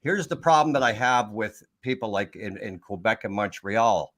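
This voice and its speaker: A man's voice: lowish voice, moderate pace, fairly bright tone. A man from Ontario co-hosts a casual radio chat. He rambles, stumbling through restarts before he gets his point out. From Ontario, Canada. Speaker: radio co-host.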